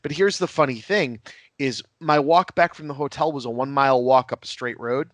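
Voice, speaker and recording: A man's voice: medium pitch, moderate pace, fairly bright tone, no room sound. A man who is a podcast guest telling rambling, casual anecdotes and laughing at his own stories.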